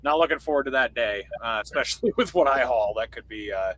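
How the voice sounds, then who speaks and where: A man hosting a podcast, asking questions in a relaxed, casual chat. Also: medium pitch, fast talker, dry recording, low-quality recording. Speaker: podcast host.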